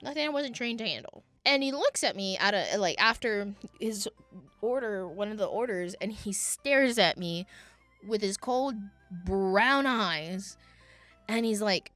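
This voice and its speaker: Young woman vlogging a fast food story, lively and dramatic, dry close mic, faint music under it. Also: no room sound. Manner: animated, dramatic retelling with sudden pitch jumps and mock voices. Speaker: vlogger telling a work story. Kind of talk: casual storytelling to camera.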